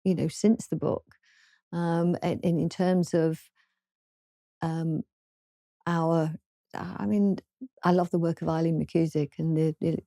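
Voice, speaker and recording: A woman from southern England with a southern English accent, a guest author in an interview, speaking hesitantly with many pauses and restarts. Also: deep voice, flat delivery, vocal fry, mellow, dry recording, studio quality. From southern England, London. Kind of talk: casual interview chat.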